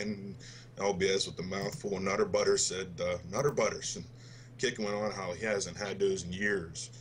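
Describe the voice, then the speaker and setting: A man's voice: deep voice, fairly bright tone, slight background noise. A man in his twenties on a gaming podcast, telling a story to friends in a loose, profane way and laughing as he goes. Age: 20s. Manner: laughs through his story, swears freely. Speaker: podcast co-host.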